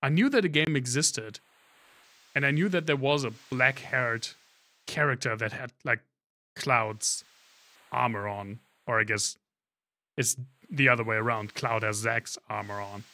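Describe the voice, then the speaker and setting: A man's voice: medium pitch, unhurried, pauses often, bright, forceful tone. A man streaming a video game, talking casually and thinking aloud, often trailing off and restarting his sentences. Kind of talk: live-stream gameplay commentary.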